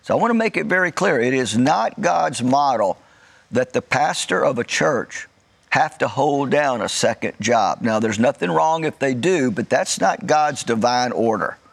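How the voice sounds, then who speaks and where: Male pastor, gravelly voice, middle pitch. Preaches in a measured way and leans on key words. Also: lively intonation. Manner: light joking asides. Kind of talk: sermon.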